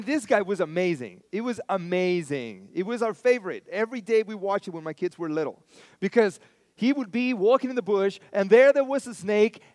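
A man's voice: high voice, dry recording. A man preaching a sermon as pastor, telling stories in a conversational way and repeating lines for emphasis.

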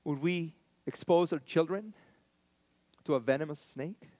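A man's voice: on the high side, a little slow, a little mellow, no echo. A man preaching a sermon as pastor, telling stories in a conversational way and repeating lines for emphasis.

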